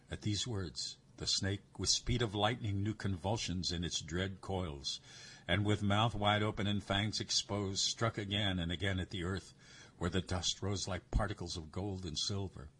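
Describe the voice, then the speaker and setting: A man narrating a story in a measured, expressive way. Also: low-pitched. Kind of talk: story reading.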